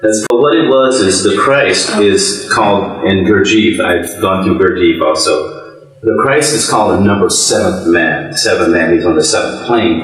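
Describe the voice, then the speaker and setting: A man's voice: deep voice, normal speed, a bit bright. A man in his seventies telling his life story in an oral history interview, rambling and talkative, often breaking into laughs. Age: 70s. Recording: very echoey room.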